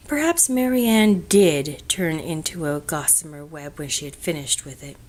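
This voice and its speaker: Female audiobook narrator, lower register, calm measured delivery, soft hushed moments. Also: slight background noise.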